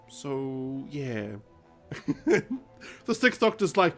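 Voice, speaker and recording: A man's voice: high-pitched, big pitch swings, slow, long pauses, soft background music. A man co-hosting a fan podcast, chatting eagerly, laughing often and acting out quoted lines. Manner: enthusiastic, laughing, acts out quotes. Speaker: podcast co-host. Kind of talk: casual chat.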